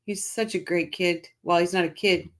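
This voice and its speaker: A woman's voice: on the low side, steady tone, normal speed. A chatty middle-aged woman hosts a casual livestream. She reads out viewer comments and talks them over, often stopping and restarting her sentences. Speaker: livestream host.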